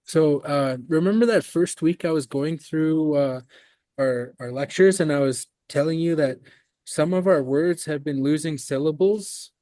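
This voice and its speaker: A man teaching a language class in a classroom, explaining patiently with relaxed fillers. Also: fairly high pitch, a little slow, no echo. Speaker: language instructor.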